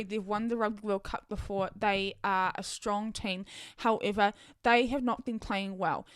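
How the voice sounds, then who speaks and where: A young woman hosts her own podcast, chatting excitedly and thinking aloud with lots of ums. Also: mid-range voice, no room sound, clean studio sound. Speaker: podcast host. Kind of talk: casual solo podcast chat.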